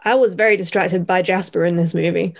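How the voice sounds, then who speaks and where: A woman's voice: on the low side, steady tone, a little fast, vocal fry. Wry, playful woman chatting. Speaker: podcast co-host. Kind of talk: casual chat.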